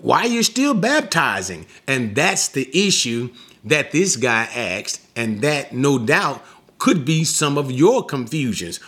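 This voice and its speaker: A man preaching an expository sermon, teaching slowly and deliberately and pressing points with emphatic rising questions. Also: on the high side, a bit bright. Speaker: pastor.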